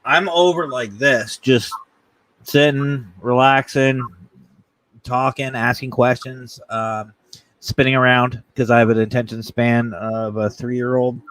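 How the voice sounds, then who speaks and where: A man hosting a casual talk show, telling a funny story in an animated, jokey way and acting out voices. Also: medium pitch, takes it slowly, dry recording. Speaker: podcast host.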